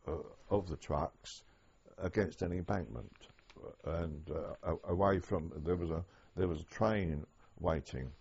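An older man recalling wartime memories in an oral history interview, speaking haltingly with many restarts. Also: rumbling low, darkish tone, husky. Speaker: interviewee, former prisoner of war. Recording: dull lo-fi archive tape.

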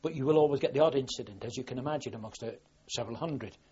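An older man from southwest England tells his story in a rambling, plain-spoken way, often restarting his sentences. His voice is very husky and rough, at an ordinary middle pitch. The sound is dull and muffled, like an old archive recording. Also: racing, warm tone. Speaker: war veteran interviewee. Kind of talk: oral history recollection.

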